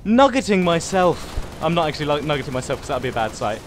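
A young man hosting his own gaming channel, giving rambling, excitable live commentary while he plays and calls out to viewers and his teammate. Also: medium pitch, rapid-fire, slight background noise. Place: home.

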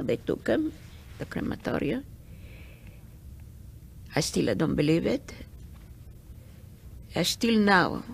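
An older woman from Greece gives a recorded testimony in halting English, searching for words as she goes. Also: medium pitch. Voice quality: gravelly, husky. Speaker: Holocaust survivor giving testimony.

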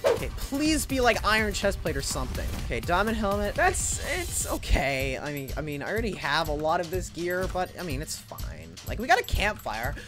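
A gaming creator giving excitable live gameplay commentary to themselves, full of exclamations and quick laughs. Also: mid-range voice. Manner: excitable, talks to self, frequent laughs and exclamations. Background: background music.

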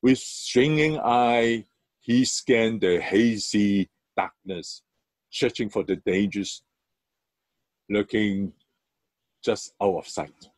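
A man's voice: lowish voice, slow pace, darkish tone, no echo. A man who is a church elder, preaching a sermon as he tells an illustrative story with emphatic rises in his voice.

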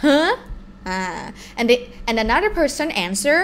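A woman with a Thai accent, a native Thai speaker teaching a live online language lesson in an animated way. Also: high voice, normal speed. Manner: animated, switches between English and Thai examples.

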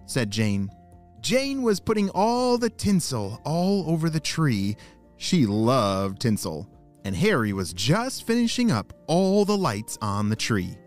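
A man's voice: mid-range voice, takes it slowly, faint music behind. A man narrating a children's story and talking to young listeners. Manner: animated, talks to young listeners.

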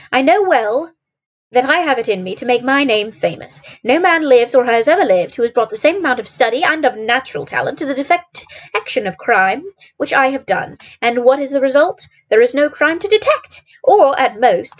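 A woman voicing a conceited, brusque male detective who talks with boastful scorn, in a husky voice. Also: high-pitched, voice pushed up. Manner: sardonic, boastful.

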